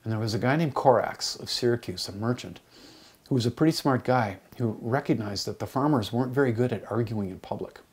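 A middle-aged man, a college teacher, telling stories in a lively, joking lecture, with hammy voiced asides. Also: medium pitch, brisk, breathy edge. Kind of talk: storytelling lecture.

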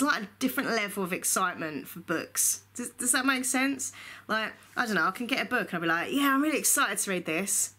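A woman with a bright, clear voice talks through her new books in a relaxed home vlog. She rambles and gushes with excitement, chatty and informal. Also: mid-range voice. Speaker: book vlogger. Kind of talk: casual book haul chat. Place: indoor room at home.

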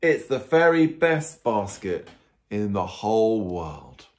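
A man voicing a gentle male dog who is hunting for a comfy place to sleep, read close to his own voice. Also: lowish voice, big pitch swings, slow. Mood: sleepy, wondering.

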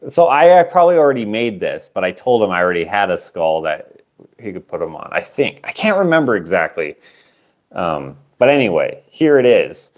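A man's voice: low voice, sing-song, normal speed. A man casually auctioning his own handmade sculptures on a livestream, rambling and self-deprecating, trailing off with fillers.

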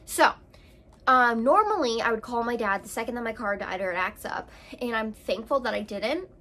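A woman's voice: on the high side, lively intonation, moderate pace, sharp tone, a little hiss or hum. A woman vlogger telling a personal story to camera in a casual, rambling way, full of fillers and restarts.

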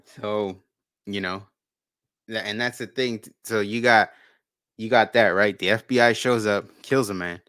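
A man with a bright, clear, smooth voice co-hosts a casual talk. He rambles, repeating and restarting his words. The sound is dry and close. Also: fairly low pitch, fairly even intonation, measured pace, no room sound. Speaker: podcast co-host. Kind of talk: casual conversation.

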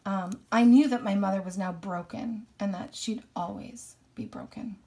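A woman's voice: mid-range voice, normal speed, vocal fry, mellow, slight background noise. A woman reading a novel aloud and explaining it thoughtfully between passages.

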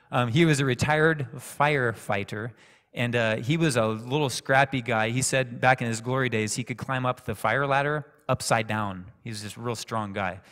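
A man preaching a sermon, telling a personal story in a calm, conversational way. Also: medium pitch. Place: church sanctuary. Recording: echoey church hall reverb.

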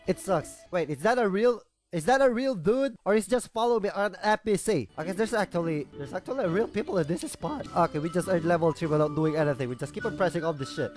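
A man's voice: high-pitched, animated, fast. A young man with a cold, giving exasperated, swearing, sarcastic commentary while playing a mobile game. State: has a cold. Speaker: gameplay commentator. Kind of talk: casual let's-play commentary. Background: game music.

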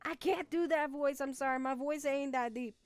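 A young woman streaming a game, chatting casually with viewers, giggly and excitable. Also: high-pitched, normal speed. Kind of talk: casual gaming stream chat.

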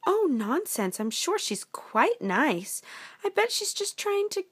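A timid young princess, lost and pleading, her voice pitched up high and rising breathlessly on every question. A woman acts her out as a storybook character with plenty of polite gasps. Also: sing-song, takes it slowly, heavily acted. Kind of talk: storybook voice acting.

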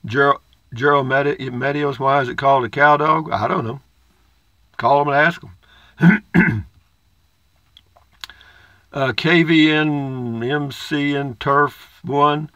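A man's voice: mid-range voice, fairly even intonation, slow pace, pauses often, sharp tone, no room sound, highs cut off. Folksy man reading comments. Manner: folksy, rambling, dry humor. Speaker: vlogger reading viewer comments. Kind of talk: casual comment-reading chat.

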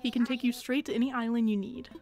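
A woman reading out an upbeat, organized female otter boss in a brisk, friendly way. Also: on the high side, flat delivery, creaky, darkish tone. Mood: welcoming.

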